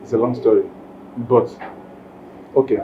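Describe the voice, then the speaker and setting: A man's voice: medium pitch, fairly even intonation, measured pace, dark tone, muffled recording, a little hiss or hum, close to an everyday voice. An actor playing a remorseful young man with a Nigerian accent, begging for help to reconcile, in a film drama. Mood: pleading. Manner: pleading, apologetic.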